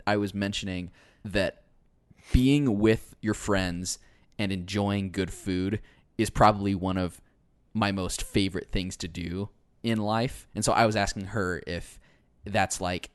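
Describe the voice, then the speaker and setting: A man's voice: low-pitched, no room sound. A man co-hosting a gaming podcast, telling rambling stories in casual chat and laughing often. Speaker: podcast co-host.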